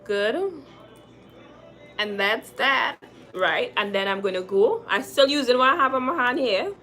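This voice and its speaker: A woman's voice: a little high, animated, unhurried, sharp tone. A woman in her twenties chatting casually with viewers during a live makeup stream, describing each step as she works. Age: 20s. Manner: chatty, addresses viewers directly while applying makeup. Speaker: makeup vlogger.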